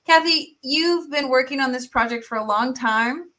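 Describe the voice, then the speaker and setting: Woman host, effusive and upbeat; voice bright and a touch high. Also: moderate pace, low-quality recording. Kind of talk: enthusiastic promotional interview talk.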